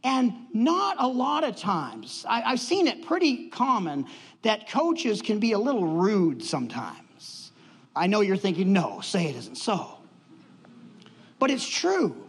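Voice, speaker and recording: High-voiced man preaching in a reverberant hall. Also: unhurried, breathy edge. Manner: animated storytelling, acts out quotes. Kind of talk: sermon with personal story.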